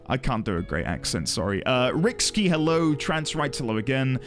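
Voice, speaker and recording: A man's voice: on the high side, big pitch swings, normal speed, faint music behind. A young man streaming a video game, greeting his chat by name and chatting in loose tangents. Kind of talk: casual livestream chat.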